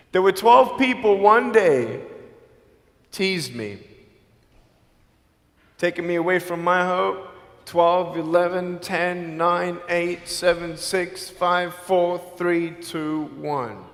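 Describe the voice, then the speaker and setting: A man giving an earnest, personal inspirational speech to a live audience, mixing in quick jokes. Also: sits high, a bit bright. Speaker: motivational speaker. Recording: echoey hall with long reverb.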